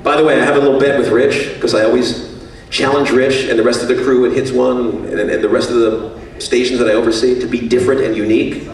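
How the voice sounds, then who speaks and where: In a banquet hall, a radio executive speaking after dinner pokes fun at himself through joking stories. His mid-range voice is steady and fast, and he's recorded from a distance with the hall's echo around him.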